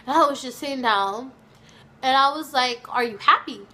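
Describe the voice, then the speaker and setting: A young woman telling a casual storytime to her viewers, chatty and animated, calling them y'all. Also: high-pitched, normal speed. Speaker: vlogger.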